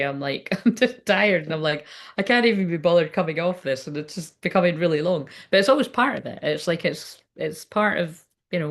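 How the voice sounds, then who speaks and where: A woman's voice: lowish voice, a bit bright. A woman giving a casual livestreamed card reading, chatty and rambling, swearing freely. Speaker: tarot card reader.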